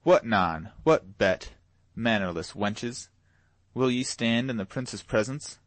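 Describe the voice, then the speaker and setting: A cruel, jeering pauper father from a storybook, loud and coarse as he barks at his family, played by a male narrator. His voice is pushed forward and rough, in a dry close recording. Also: mid-range voice, measured pace, no echo, close to an everyday voice. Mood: bullying. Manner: shouting, coarse, bullying. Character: brutal drunken father, middle-aged man, jeering.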